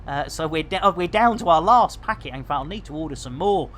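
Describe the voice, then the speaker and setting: A man's voice: a little high, lively intonation, a little fast, a bit bright, a little hiss or hum. A middle-aged man with a Barnsley accent, chatting through a live game stream in a jokey way full of catchphrases. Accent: Barnsley, Yorkshire. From England. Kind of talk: live gameplay stream chat.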